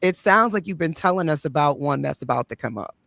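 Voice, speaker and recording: A woman hosting a radio show interview as a therapist and life coach, asking calm, encouraging questions that reflect back what she hears. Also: low-pitched, fast talker, gravelly, no room sound, clean studio sound.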